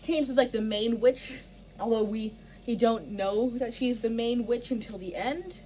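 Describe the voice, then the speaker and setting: A woman's voice: on the high side, moderate pace, warm tone, slight background noise. A woman director walking actors through stage blocking in a casual, rambling way, full of fillers and restarts. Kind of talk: casual rehearsal instructions.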